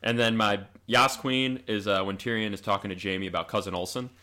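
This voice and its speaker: A man co-hosting a casual TV recap podcast, dropping quick joking asides. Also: lowish voice, steady tone, a crowd in the background. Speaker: podcast co-host. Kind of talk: casual chat.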